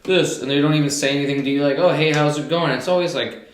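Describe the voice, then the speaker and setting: A young man as a podcast guest, relaxed and agreeable, talking with many fillers. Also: a little high, quick pace, slight background noise. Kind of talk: casual chat. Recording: echoey room.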